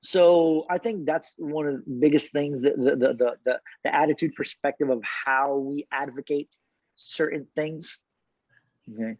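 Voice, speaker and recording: A man talks from his car as an interview guest, animated and laughing often, often repeating his words. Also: fairly high pitch, unhurried, no echo. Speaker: cigar brand founder, guest. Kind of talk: casual interview chat. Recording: dull dry remote call audio.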